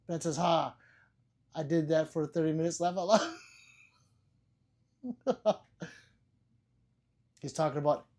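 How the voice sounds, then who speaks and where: A man's voice: a little high, dark tone. A man hosting a casual livestream, reading viewers' chat messages aloud, joking, laughing and swearing freely. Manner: loose and profane. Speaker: livestream host.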